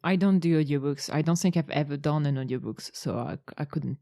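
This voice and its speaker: Hesitant woman with a mellow, low voice. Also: fairly quick, no echo, clean studio sound. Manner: hesitant, many fillers. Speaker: podcast co-host. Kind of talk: casual chat.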